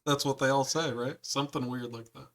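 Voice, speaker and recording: A man's voice: mid-range voice, fairly even intonation, brisk, fairly bright tone. A young man co-hosting a podcast, joking around and explaining things in a loose, offhand way. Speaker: podcast co-host. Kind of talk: casual chat.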